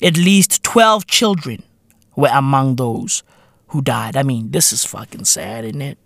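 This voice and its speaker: A podcast host from South Africa talking in a casual, profane monologue, full of slang fillers and emphatic repetition. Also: male voice, medium pitch, a little slow, vocal fry, fairly bright tone, no room sound.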